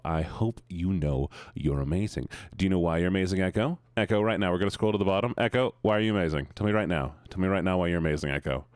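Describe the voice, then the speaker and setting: A man's voice: deep voice, darkish tone, no echo, clean studio sound. A man streaming, greeting his viewers in a playful, sing-song, teasing way. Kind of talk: casual chat greeting viewers.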